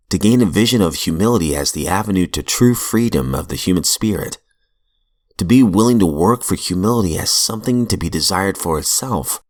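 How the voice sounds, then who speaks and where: A man with a very low voice and a gravelly edge reads a recovery text aloud. His delivery is measured and earnest, with brief asides, close to the mic in a small room. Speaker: reader of recovery literature. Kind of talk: reading aloud from a book.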